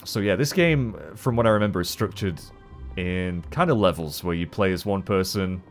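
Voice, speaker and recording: A man giving chatty, animated gameplay commentary as a let's play host, swearing casually. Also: deep voice, normal speed, soft background music.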